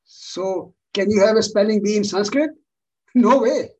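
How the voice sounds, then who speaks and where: Husky-voiced man teaching an online class. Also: high-pitched, a little slow, a little mellow, recorded from a distance, muffled recording. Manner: patient, repeats words for emphasis. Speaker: yoga philosophy teacher.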